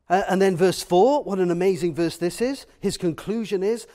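A man preaching a sermon in an earnest, emphatic way, with many pauses and fillers. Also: high voice, lively intonation, mellow.

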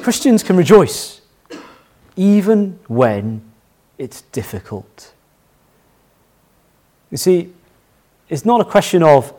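Animated pastor preaching. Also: male voice, a little high, slow pace, pauses often. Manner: anecdotal, emphatic, repeats key phrases. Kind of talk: sermon.

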